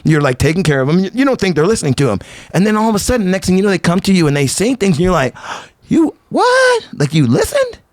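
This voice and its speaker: A middle-aged man talks in a fairly high voice as a guest on a podcast, animated and full of stories. He acts out what other people said in quick put-on voices. The sound is dry and close to the mic. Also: dry recording. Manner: animated storyteller, acts out quotes in shifting voices. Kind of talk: casual interview chat.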